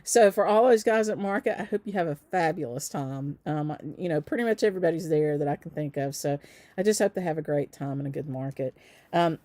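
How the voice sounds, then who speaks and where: A woman's voice: sits low, lively intonation, a little fast, dark tone, no echo. A woman with a light Southern accent, a shop owner chatting casually on a live stream, upbeat, with lots of ums. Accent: Southern US, softened by travel. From Southern United States. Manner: chatty and upbeat, with frequent ums and little laughs.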